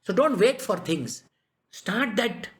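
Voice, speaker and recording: A man's voice: high-pitched, animated, slow pace. A man giving a spiritual discourse as a teacher, telling stories and firing rhetorical questions at his listeners. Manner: emphatic, rhetorical questions, storytelling.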